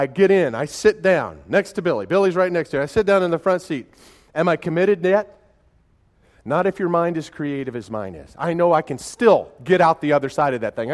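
A pastor delivers a folksy, conversational sermon full of stories, his voice a little high. He moves animatedly between quiet, unhurried stretches and loud, excited bursts, and he often restarts his words.

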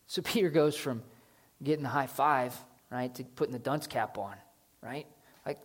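Male pastor with a slightly high voice, preaching a casual, chatty sermon. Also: normal speed. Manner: casual, conversational preaching with lively voiced asides.

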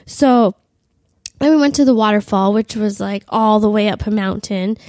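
A woman's voice: mid-range voice, moderate pace, darkish tone, no echo. A young woman in her twenties with a cold, crudely and self-mockingly telling a comic travel story with lots of "like.". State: has a cold. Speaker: podcast host.

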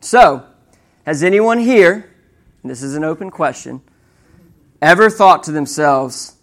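This young man's voice sits on the high side and moves a little slowly as he preaches. He's conversational, constantly tossing "right?" to listeners, and brings his stories to life.

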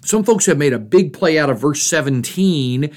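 A man's voice: fairly high pitch, lively intonation, normal speed, a little mellow. A middle-aged man hosting a Bible study podcast, explaining verses in an earnest, teacherly way and acting out quoted voices.

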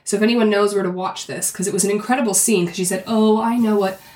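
A woman's voice: mid-range voice, steady tone, rapid-fire, a little mellow. A woman co-hosting a podcast, talking things through in a thoughtful, step-by-step way. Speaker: podcast co-host. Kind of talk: casual podcast discussion. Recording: roomy echoey recording.

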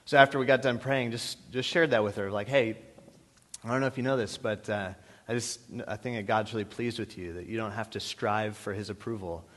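Low-voiced guy preaching a testimony, earnest, lots of uhs, big echoey church hall. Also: steady tone, brisk, fairly bright tone. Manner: earnest, with hesitant fillers. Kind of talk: testimony sermon. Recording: reverberant hall.

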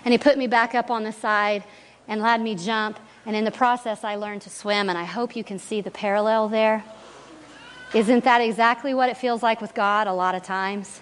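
A woman speaking at a church, telling a personal faith story as an animated storyteller who acts out the voices. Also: mid-range voice, normal speed, a little hiss or hum. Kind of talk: sermon testimony storytelling. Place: church sanctuary. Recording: long reverb in a church hall.

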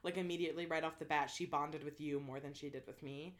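A woman voicing a wounded young man saying a soft, earnest farewell in a retold story. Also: deep voice, steady tone, fast talker, pitched below the performer's own voice, close to an everyday voice. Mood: tender.

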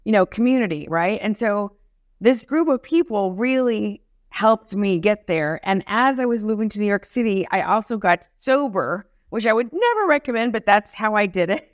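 A woman comedian telling her story as an interview guest, animated and self-deprecating, acting out the lines of people she quotes. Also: mid-range voice, normal speed, dry recording, studio quality.

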